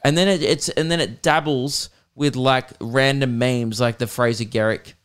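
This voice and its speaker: Smooth-voiced Australian man rambling jokily. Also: medium pitch, fairly even intonation, moderate pace. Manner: rambling, joking, swearing freely. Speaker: podcast host. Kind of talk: casual comedic chat.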